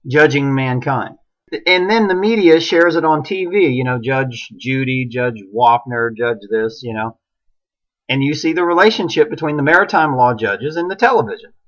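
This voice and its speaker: A man's voice: medium pitch, fairly bright tone. Middle-aged man ranting, dull lo-fi audio. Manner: ranting, emphatic, many rhetorical questions. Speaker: online commentator. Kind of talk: impassioned solo monologue. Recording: dull lo-fi recording.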